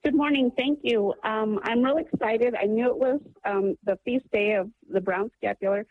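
A woman's voice: a little high, moderate pace, no echo. A woman calling in to a radio show, earnestly telling a long personal story with many ums. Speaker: caller. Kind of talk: phone-in storytelling. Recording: tinny phone line.

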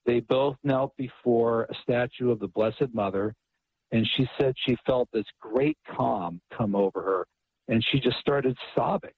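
A man's voice: medium pitch, unhurried, breathy edge. A man guest retelling a story at length, with many restarts and quoted dialogue. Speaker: author and radio guest. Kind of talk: phone interview storytelling. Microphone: phone line. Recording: tinny phone line.

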